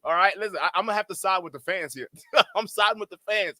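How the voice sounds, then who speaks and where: A man reacts to a clip for his chat, loud and sarcastic, often breaking into laughter. His voice is on the higher side and bright, recorded close and dry. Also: fast, no echo. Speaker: reaction streamer. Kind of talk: mocking reaction commentary.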